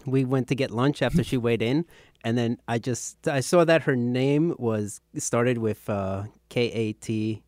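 A male podcast guest who trains in martial arts, telling stories in a relaxed, chatty way. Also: mid-range voice, measured pace, no echo, clean studio sound. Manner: relaxed storytelling, laughs a lot. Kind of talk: casual chat. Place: small studio.

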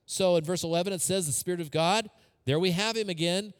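A man's voice: high-pitched, a little fast, smooth, in a large hall. A man preaching a sermon as a pastor, talking conversationally with personal stories and repeated phrases.

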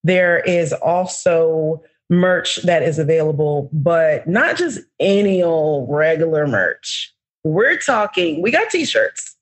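A woman hosting a podcast in a lively, playful, slangy way, with her voice swinging high for emphasis. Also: takes it slowly. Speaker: podcast host. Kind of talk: casual podcast chat.

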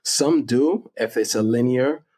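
A man's voice: medium pitch, slow pace, dark tone. A middle-aged man, a guest on an interview show, explaining with enthusiasm and laughing often. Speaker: guest fragrance connoisseur. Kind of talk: casual interview.

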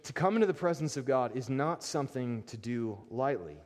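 A pastor preaching a sermon, animated and emphatic, often repeating words as he builds a point. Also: mid-range voice, a little fast. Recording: long reverb of a large hall.

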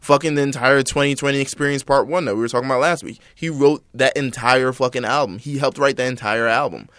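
A man's voice: mid-range voice, fast talker, fairly bright tone, no room sound, studio quality. Young man in loose profane music chat. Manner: loose, profane, many fillers. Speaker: podcast co-host.

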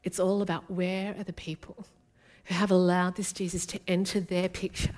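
A woman's voice: fairly low pitch, flat delivery, normal speed, few pauses, darkish tone. A woman, from Australia, preaching an earnest and intimate sermon as a guest speaker.

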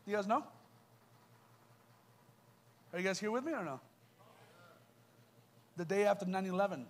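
A man's voice: high-pitched, expressive, normal speed. A young adult man giving an impassioned youth sermon, firing rhetorical questions at the crowd. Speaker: youth preacher. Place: church youth event.

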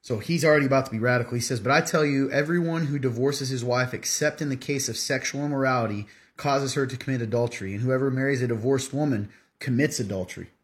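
A man's voice: medium pitch, quick pace, hardly any pauses. A man hosting a casual faith podcast, plainly and steadily answering questions about the Bible. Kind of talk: casual teaching talk.

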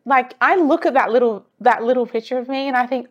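A woman's voice: sits high, quick pace. A woman talking earnestly as a self-development coach, encouraging the listener and repeating phrases for emphasis. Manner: earnest, encouraging, with rhetorical repetition. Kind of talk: motivational monologue.

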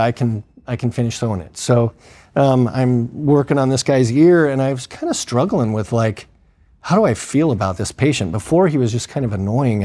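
A man's voice: medium pitch, darkish tone. A man with an ordinary mid-range voice recounts a shift in emergency medicine. He talks loosely and conversationally, with plenty of fillers, and slips into the voices of the people in his story. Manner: conversational, acts out quoted dialogue, frequent fillers. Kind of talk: casual spoken storytelling.

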